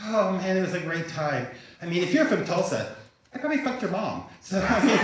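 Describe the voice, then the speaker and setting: A man's voice: sits high, sing-song, moderate pace, heavy background noise. A man in his sixties hosting a live comedy show, doing self-mocking stand-up and chatting with the audience. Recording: echoey venue, dull sound.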